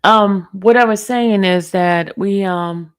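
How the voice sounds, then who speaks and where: A woman's voice: mid-range voice, slow, clean tone. A woman hosting a casual livestream, talking in a rambling way with many fillers and repeated words, into a close handheld mic. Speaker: channel host. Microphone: handheld mic held close.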